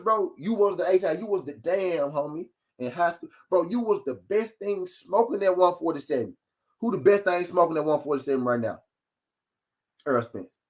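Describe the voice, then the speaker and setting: A man hosting a live-streamed boxing talk show, ranting in an animated, profane and mocking way. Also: mid-range voice. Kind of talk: live-streamed sports commentary rant.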